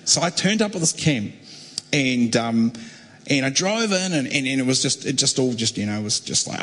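A young man preaching a testimony, telling his story animatedly and acting out other voices, with a husky voice. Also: on the high side, fairly quick. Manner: animated, acts out quoted voices. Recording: echoey hall with long reverb.

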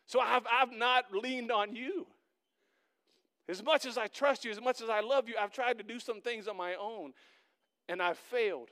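A middle-aged man preaching a sermon as pastor, conversational and earnest, building to loud emphatic peaks. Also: very high voice, moderate pace.

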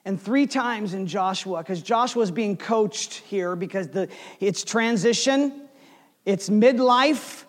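A man in his forties preaching a sermon, telling a story with swings between loud bursts and hushed asides. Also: high-pitched, slow pace, long reverb tail. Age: 40s. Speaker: pastor.

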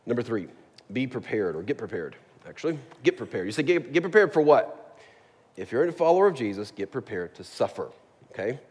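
A man's voice: on the low side, big pitch swings, fast talker, a little mellow, slightly rough. A man preaching a sermon in a church, in a casual, joking way, often checking in with the congregation. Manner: conversational, jokey, asks the congregation "right?". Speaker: pastor. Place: church sanctuary. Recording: long hall reverb.

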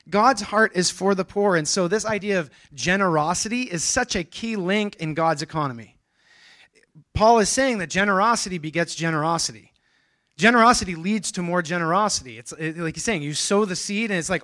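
Pastor, male, slightly higher-pitched voice; relaxed, chatty sermon delivery with restarts and self-aware asides. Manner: conversational, self-deprecating, with restarts and quick asides.

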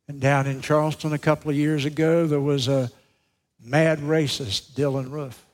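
A man preaching a sermon, telling stories slowly and with emphasis. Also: on the high side, little pitch movement. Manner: slow, emphatic storytelling preacher. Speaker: pastor.

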